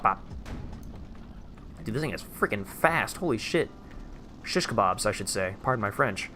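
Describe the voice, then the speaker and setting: Excitable young man streaming games. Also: mid-range voice. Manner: excitable, chatty, reads chat aloud. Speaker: livestream host. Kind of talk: casual live-stream commentary. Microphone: desk microphone.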